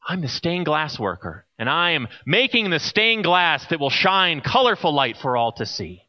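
A man's voice: on the high side, big pitch swings, normal speed. A man voicing a proud stained glass worker, in a muffled recording.

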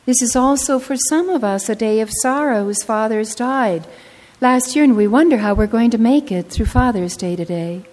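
An older woman preaching a sermon in a church whose long reverb trails each phrase. Her voice sits a little high, and she tells her stories earnestly, stretching out the words she wants to land. Her delivery builds toward the points she repeats. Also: darkish tone. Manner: earnest storytelling, slowing for emphasis. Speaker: pastor. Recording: long reverb of a large hall.

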